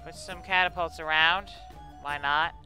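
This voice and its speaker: A man giving excited, playful gameplay commentary on a let's play, taunting his opponent and shouting when things happen. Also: fairly high pitch, unhurried, faint music behind. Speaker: gamer doing a let's play.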